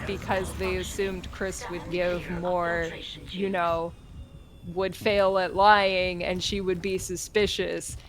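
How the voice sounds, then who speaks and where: A woman's voice: fairly low pitch, level tone, takes it slowly, slight background noise. A woman streamer casually retelling a story in a rambling way, with many fillers.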